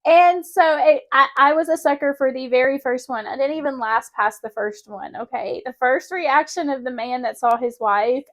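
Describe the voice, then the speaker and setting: A young woman vlogger telling a personal story in a chatty, animated way, often laughing mid-sentence. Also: high voice, moderate pace, few pauses. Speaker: spiritual vlogger. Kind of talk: casual personal storytelling to camera.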